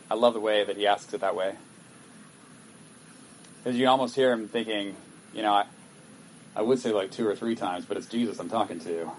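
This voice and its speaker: A man's voice: fairly low pitch, darkish tone, slight background noise, rough recording. A male pastor giving a sermon in a conversational way, reading scripture aloud and breaking off to comment on it. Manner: conversational, reads scripture aloud with acted asides.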